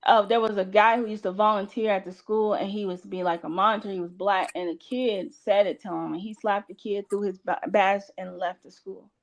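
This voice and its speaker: A middle-aged woman from Chicago in casual conversation, telling personal stories in halting, self-correcting sentences. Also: mid-range voice, fairly even intonation, lo-fi sound. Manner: halting, restarting sentences as she recalls events. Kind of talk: casual storytelling chat.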